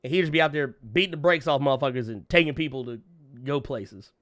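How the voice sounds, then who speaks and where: This man co-hosts a laid-back live comic-book podcast and reads viewers' super chats aloud. He jokes in AAVE, uses plenty of slang, stays animated and laughs a lot, all at a quick pace and medium pitch. The talk is relaxed comedic banter.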